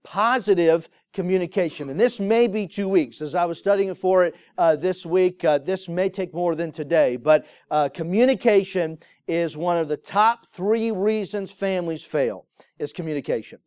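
A man's voice: high voice, moderate pace, a little mellow, smooth, no echo. A man pastor giving a conversational sermon in a church, telling stories with frequent fillers. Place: church sanctuary with congregation.

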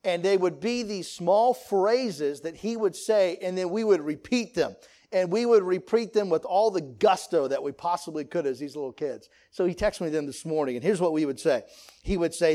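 Man teaching a church class, higher voice. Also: brisk, a little mellow. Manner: storytelling, chanting remembered phrases with emphasis. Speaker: Sunday school class teacher. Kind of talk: church lesson.

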